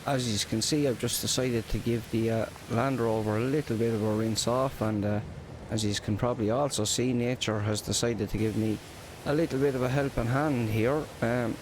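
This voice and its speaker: Irish guy chatting away through a farming roleplay, easygoing mid voice, bit of faint noise behind. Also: medium pitch. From Ireland. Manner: chatty storytelling with local slang. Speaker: roleplay gamer narrating. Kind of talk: casual in-character roleplay narration.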